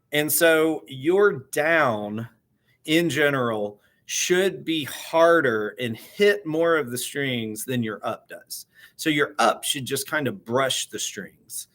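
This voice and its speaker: Slow, halting male guitar teacher. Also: fairly high pitch, a bit bright. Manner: halting, repeats words often while explaining; counts beats aloud while playing. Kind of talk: casual guitar lesson.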